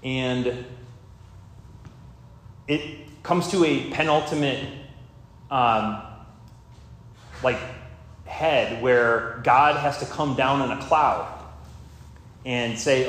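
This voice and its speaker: A man's voice: mid-range voice, takes it slowly, long pauses, fairly bright tone. Man preaching in a very echoey room. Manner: conversational, rambling with fillers and asides. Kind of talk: sermon. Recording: very echoey room with faint ambient noise.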